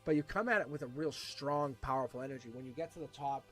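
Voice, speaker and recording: A man giving a casual live tarot reading, animated and repeating himself with frequent restarts. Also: medium pitch, quick pace, soft background music. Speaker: tarot reader.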